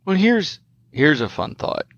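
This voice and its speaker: A man's voice: fairly high pitch, very animated, a little slow, gravelly, fairly bright tone, no room sound, muffled recording. A man co-hosting a podcast about the auto repair trade, riffing with a wry, sarcastic edge. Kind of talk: casual discussion.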